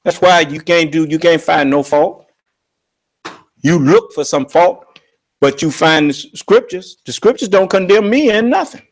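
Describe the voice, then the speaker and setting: A man preaching on scripture with emphatic, confrontational delivery, slowing down to draw out quoted verses. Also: fairly high pitch, expressive. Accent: American. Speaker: religious leader and teacher.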